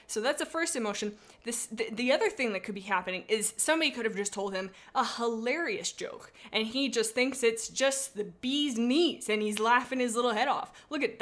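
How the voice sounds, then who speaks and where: Here a young woman streamer's voice is fairly high and a bit bright. She chats playfully and dramatically on a casual livestream while rating pet cats sent in by viewers, wandering into goofy tangents.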